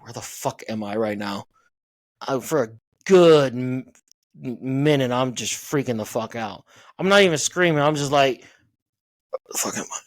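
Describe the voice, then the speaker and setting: A man's voice: medium pitch, dry recording, low-quality recording. A man, hosting a podcast and telling a story in loose, profane casual chat from a hotel room. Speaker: podcast host.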